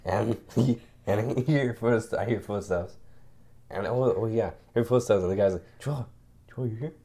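A young man co-hosting a casual podcast, telling stories in an animated way, acting out quotes and laughing often. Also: lowish voice, moderate pace. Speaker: podcast co-host. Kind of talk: casual chat.

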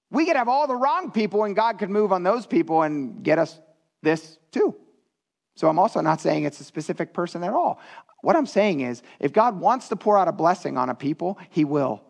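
High-voiced earnest male pastor. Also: vocal fry. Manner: earnest, conversational preaching. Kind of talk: sermon.

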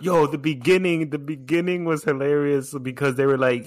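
A man co-hosting a podcast, chatting casually and excitedly, laughing often and restarting his sentences. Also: on the high side, moderate pace, hardly any pauses, no echo, studio quality. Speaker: podcast co-host. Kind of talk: casual chat.

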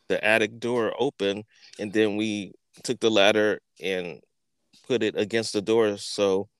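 A man's voice: fairly low pitch, clean tone, no room sound. A man hosting a podcast, telling a casual story with lots of swearing and acting out the people he quotes. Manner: animated, profane, acts out quotes. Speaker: podcast host.

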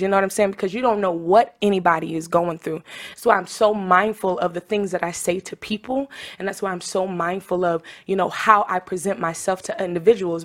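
Passionate young woman, lowish voice. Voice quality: trained singing voice. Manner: passionate, emotional, chatty with many fillers. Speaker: guest, founder of a mentoring organization for teen girls. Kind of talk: casual interview chat.

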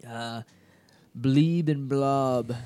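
A young man telling a crude locker-room story to friends on a podcast, laughing and shouting out the quoted lines. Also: mid-range voice, very slow, smooth. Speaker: podcast co-host. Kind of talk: casual storytelling among friends.

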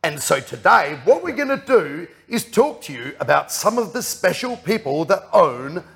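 Gravelly man hosting, jokey. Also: sits high, sing-song, normal speed, a bit bright. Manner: jokey, rambling, laughs often. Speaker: podcast host. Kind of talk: casual banter.

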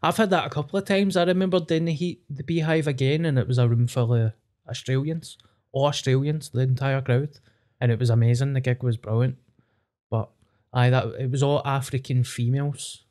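A man's voice: mid-range voice, fairly quick. A Scottish man, a guest comedian, telling a swear-laden story about a bad gig in casual chat. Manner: animated anecdote teller, swears freely.

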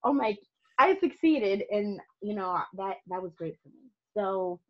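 A woman in a casual podcast chat, telling lively stories as a guest photographer and laughing often. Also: medium pitch, measured pace. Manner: animated storyteller, laughs often. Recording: muffled lo-fi podcast audio.

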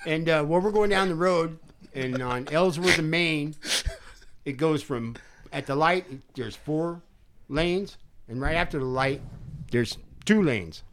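Older guy on a podcast, swearing a lot, voice sits a bit high, acts out what people said. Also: unhurried, background noise. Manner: profane, animated storyteller acting out quotes. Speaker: podcast host telling a story. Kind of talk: casual storytelling chat.

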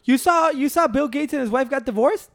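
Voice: high-pitched, a little fast, creaky. A co-host in a casual chat, rambling along and dropping in Spanish fillers.

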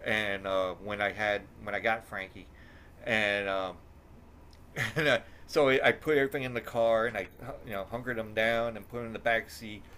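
A man's voice: on the low side, normal speed, a little hiss or hum. A man hosting a podcast, telling a rambling, profane story in casual chat. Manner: rambling, profane, animated when telling stories. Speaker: podcast host.

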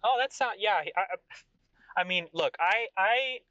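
A man's voice: slow, bright, forceful tone, dry recording, highs cut off, heavily acted. A man voicing a flamboyant, greedy male king who gushes over everyone, in a role-playing game. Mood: boastful. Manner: gushing, high-pitched exclamations. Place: in his car.

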